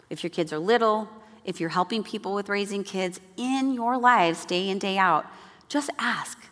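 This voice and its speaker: A woman giving a devotional talk at a church gathering, telling a personal story with animated delivery and acting out the voices she quotes. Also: on the low side. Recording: long hall reverb.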